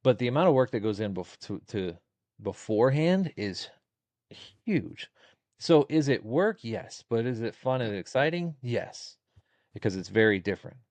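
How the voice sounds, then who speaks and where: A man's voice: mid-range voice, big pitch swings, normal speed, darkish tone, no echo. A man in his forties, a podcast guest talking casually and plainly, often repeating words as he gathers his thoughts. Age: 40s. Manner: plainspoken, repeats himself while thinking.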